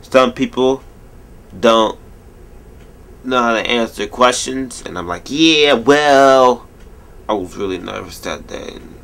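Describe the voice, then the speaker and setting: Rambling young man with lively swings. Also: medium pitch, unhurried, creaky. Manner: rambling, jokey, animated storytelling. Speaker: vlogger. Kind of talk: casual late-night vlog monologue. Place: at home late at night.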